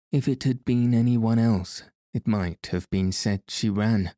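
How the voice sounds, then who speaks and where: A man narrating a novel in a calm, measured storytelling style. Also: lowish voice, no room sound, studio quality. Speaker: audiobook narrator.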